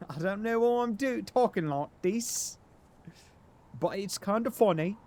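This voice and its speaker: A man putting on a goofy squeaky voice. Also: animated, measured pace, a little mellow. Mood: silly. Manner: playful, mock-cheerful. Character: goofy high-voiced man, silly and gleeful.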